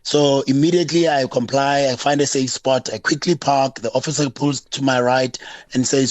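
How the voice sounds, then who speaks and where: A man's voice: mid-range voice, moderate pace, no room sound. A South African man calling in to a radio show, animatedly recounting a roadside incident and acting out the exchanges. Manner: animated storyteller, acting out both sides of a dialogue. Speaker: caller.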